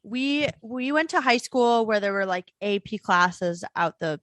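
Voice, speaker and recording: A woman's voice: mid-range voice, expressive, unhurried, a bit bright, no room sound. A woman in her twenties from the American South, co-hosting a podcast in a casual chat, swearing and laughing often. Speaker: podcast co-host.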